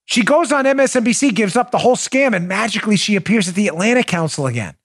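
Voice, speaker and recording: A man's voice: high voice, animated, quick pace, husky. A man hosting a political podcast, sarcastic and incredulous, talking back and forth with his producer. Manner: talks to his producer on air. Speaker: podcast host. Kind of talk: political commentary.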